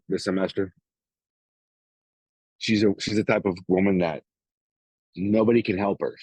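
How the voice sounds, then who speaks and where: Husky low-voiced man, blunt and profane. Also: a little mellow, no room sound, poor audio. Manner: blunt, heavy swearing, acts out quoted dialogue. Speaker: podcast co-host. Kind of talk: casual chat.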